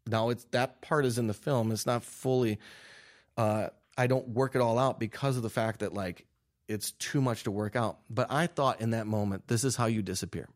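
Young guy on an interview, animated storyteller, keeps restarting and laughing, normal pitch. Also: moderate pace. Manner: excitable, laughing, restarts mid-sentence. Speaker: guest filmmaker.

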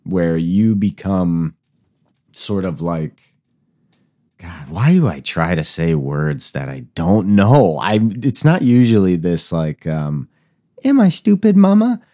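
A man's voice: sits low, lively intonation, slow pace, warm tone. A man hosting a podcast, talking loosely and rambling with swearing and self-mocking asides. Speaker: podcast host. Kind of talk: casual chat.

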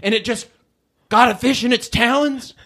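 A man's voice: very high-pitched, steady tone, normal speed, pushed and bright. A man telling an enthusiastic story in a casual chat as a co-host.

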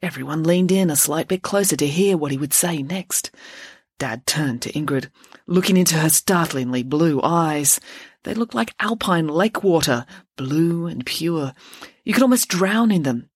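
A woman hosting a podcast and reading her own children's book aloud, relaxed and chatty. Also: sits low, normal speed, breathy edge, no room sound, studio quality. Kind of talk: bedtime story reading.

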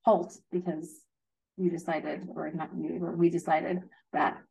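A woman who teaches young children, giving advice in a thoughtful, gentle way. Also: fairly low pitch, flat delivery, unhurried, vocal fry, breathy edge, low-quality recording. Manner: thoughtful, gentle, hedging with fillers. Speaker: early childhood educator. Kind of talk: casual advice chat.

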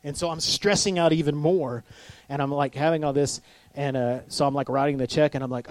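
Pastor guy preaching, chatty and joking at himself, kinda high voice, dry close mic. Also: steady tone, fairly quick, no room sound. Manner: conversational, self-deprecating, asks the crowd for agreement. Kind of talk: sermon.

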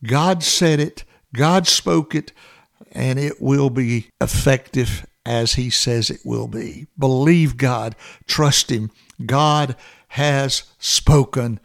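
A man's voice: mid-range voice, slow, gravelly. A man preaching a sermon, earnest and exhorting, building to emphatic repeated phrases.

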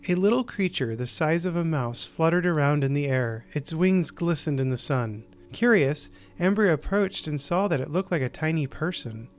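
A man hosting and narrating a short story, reading in a measured, deliberate way with slowed pauses. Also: a little high, expressive. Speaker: host and narrator.

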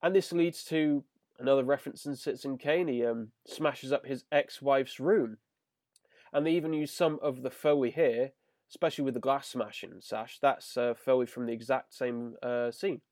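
A man's voice: mid-range voice, fairly even intonation, moderate pace, darkish tone, dry recording, clean studio sound. A man hosting a podcast, enthusiastically recapping a cartoon episode with lots of fillers. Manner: enthusiastic, paraphrasing scenes with filler words. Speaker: podcast host. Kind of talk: casual chat reviewing an episode.

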